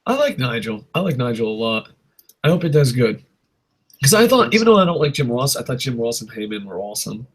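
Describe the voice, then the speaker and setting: Husky, profane man ranting casually. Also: mid-range voice, sing-song, fairly quick. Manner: profane, rambling, laughing rants. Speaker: podcast host. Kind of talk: casual wrestling podcast rant.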